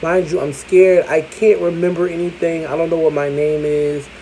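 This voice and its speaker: Candid chatty vlogger with a mellow tone. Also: mid-range voice, little pitch movement, normal speed, slight background noise, rough recording. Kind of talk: casual storytelling vlog.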